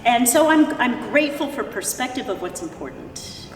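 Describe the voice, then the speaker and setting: A woman, an opera singer, speaks earnestly and reflectively as an interview guest. Her pitch moves a lot. She is heard from a distance in a long-echoing church hall, with faint hiss behind. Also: sing-song, moderate pace. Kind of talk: casual interview chat.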